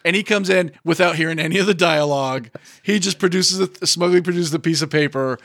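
A man's voice: on the high side, fast talker, fairly bright tone, no room sound, studio quality. A man co-hosting a podcast, casually recapping a movie with wry jokes and frequent laughter. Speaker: podcast co-host.

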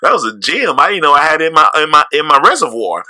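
A man with a St. Louis accent co-hosts a podcast in a loose, rambling chat, laughing often and cursing freely. His voice is very bright and forward. The sound is dry and close, with no room heard behind him. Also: fairly high pitch, sing-song, fast talker, no echo. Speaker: podcast co-host. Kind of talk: casual chat.

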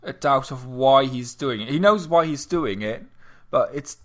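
A man co-hosting a podcast talks in a casual, unhurried way. He often stumbles and repeats words while working through an idea. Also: mid-range voice, lively intonation. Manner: hesitant, with many repeated words. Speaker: podcast co-host.

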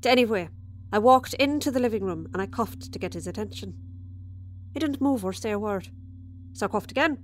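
Speaking fairly quickly and with animation, a woman storyteller uses her natural medium-pitched voice over a slight hiss or hum. Her dramatic monologue casts her as a chatty, tipsy Irish widow who confides across the dinner table, flaring now and then with resentment, in a confiding mood.

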